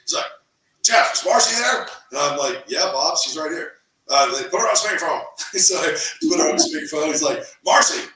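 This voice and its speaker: A middle-aged man, a real estate team owner, telling his story in a casual interview, animated and often repeating words as he acts out what others said. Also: fairly high pitch, brisk, recorded from a distance, slight background noise. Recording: echoey room, voice from off the mic.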